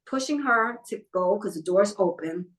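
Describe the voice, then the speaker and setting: A woman's voice: medium pitch, moderate pace. Middle-aged woman telling stories from life. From New York. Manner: animated, acts out the people in her stories. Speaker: guest, talent manager. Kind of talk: personal storytelling in a casual interview.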